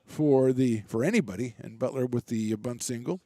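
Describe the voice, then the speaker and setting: A man doing relaxed, chatty play-by-play commentary for a college baseball game, with self-deprecating asides. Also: medium pitch, moderate pace, no echo. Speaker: play-by-play announcer.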